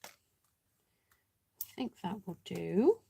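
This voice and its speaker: A woman's voice: fairly low pitch, very animated, very slow, creaky, dark tone, husky. A woman hosting a live card-making demonstration, chatting and thinking aloud as she works, poking fun at herself and greeting viewers by name. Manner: chatty, self-mocking, thinks aloud while working. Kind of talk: casual live craft demonstration.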